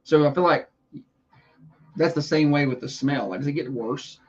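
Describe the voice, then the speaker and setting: A man's voice: on the high side, moderate pace, a little mellow. A man rambling casually in a musing way, heard in a muffled clip. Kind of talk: casual chat.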